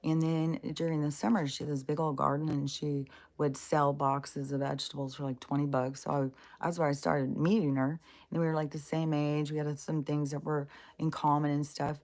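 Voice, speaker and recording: Woman, low gravelly voice, casual vlog storytelling, blunt, profane, rambling. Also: flat delivery, moderate pace, hardly any pauses, darkish tone. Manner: rambling with many fillers and restarts. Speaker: spiritual vlogger.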